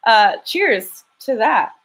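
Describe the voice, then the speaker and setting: A woman's voice: a little high, big pitch swings, takes it slowly, a bit bright. A young woman talking casually on a home live stream, answering viewers one after another. She is frank and a little self-deprecating, with plenty of restarts and trailing thoughts. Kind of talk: casual live-stream chat reading super chats. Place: home, lives in LA.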